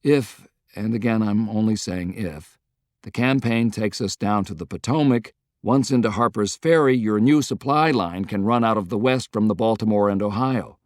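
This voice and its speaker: A brisk, businesslike Union railroad general in an audiobook, middle-aged and determined, as a narrator voices him, laying out plans in a fairly low voice. The sound is dry and close, with no room around it. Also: male voice, dry recording, natural voice. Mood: earnest.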